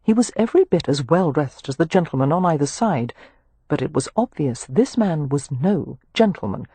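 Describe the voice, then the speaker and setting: Expressive, husky audiobook narrator. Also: mid-range voice, normal speed, no room sound. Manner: expressive, animated storytelling.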